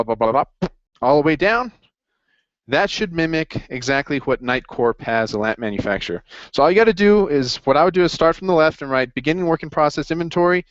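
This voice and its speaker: A man's voice: mid-range voice, no echo, highs cut off. A man running a casual accounting review session, upbeat and jokey as he encourages his students. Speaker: accounting tutor.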